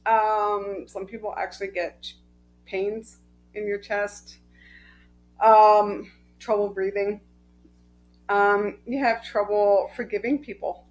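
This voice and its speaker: A middle-aged woman energy healer telling personal stories in a casual, heartfelt way, with many pauses and a frequent "right?". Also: medium pitch, flat delivery, rough recording. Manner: slow, heartfelt, with many ums and rhetorical "right?". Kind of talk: casual storytelling to camera.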